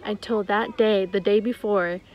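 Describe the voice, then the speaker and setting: Little boy, earnest and halting, voiced by a young woman in a plain voice, dull lo-fi sound. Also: mid-range voice, steady tone, natural voice. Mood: apologetic. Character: young boy Joanne, apologetic.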